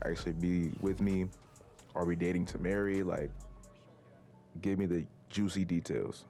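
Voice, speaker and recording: A young teenage vlogger with a low, gravelly, warm voice casually tells his viewers a meandering personal story to camera, littered with "likes" and restarts.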